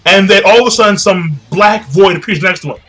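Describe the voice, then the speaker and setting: A young man in a loose, rambling recap, cursing freely and often doubling back on his words. His voice is high and bright, with a sharp edge. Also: a little fast, faint music behind. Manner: rambling, profane, repeats himself. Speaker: manga reviewer. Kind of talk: casual chapter recap.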